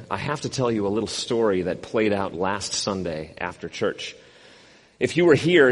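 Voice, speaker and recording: Brief: fifties male pastor, husky, wry sermon delivery, reverberant church hall. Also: medium pitch. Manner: wry, self-deprecating storyteller.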